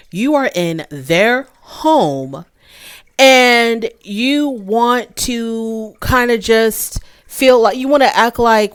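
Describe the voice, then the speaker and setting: A woman's voice: on the high side, animated, drawn-out words, clean tone, no room sound, clean studio sound. A woman hosting a casual recap show, talking in a candid, opinionated and sassy way with frequent asides. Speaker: reality show recap host.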